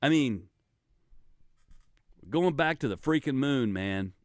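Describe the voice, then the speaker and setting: An older man with a medium-pitched voice hosts a radio talk show, speaking slowly in a dry, clean studio recording made on a studio microphone. He talks casually and rambles in an animated way, restarting often and laughing frequently.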